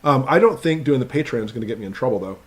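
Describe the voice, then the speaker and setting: A man's voice: medium pitch, expressive, rapid-fire. A man hosting a casual live stream Q&A, reading viewers' names off his computer and greeting each one in an upbeat, chatty way.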